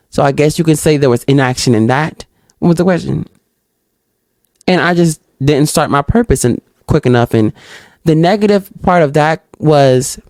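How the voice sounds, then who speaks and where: A woman hosting a solo podcast, reading out reflection questions and answering them in an animated, outspoken way, talking straight to her listeners and acting out little exchanges. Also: no echo. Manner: acts out little dialogues in higher voices. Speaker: podcast host.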